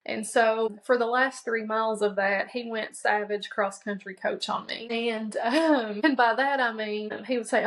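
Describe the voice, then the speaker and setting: Woman telling a story in a flat voice. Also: a little high, a little slow, hardly any pauses, poor audio. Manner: conversational, many fillers and restarts; quotes herself and others in dialogue. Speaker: podcast guest. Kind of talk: personal storytelling.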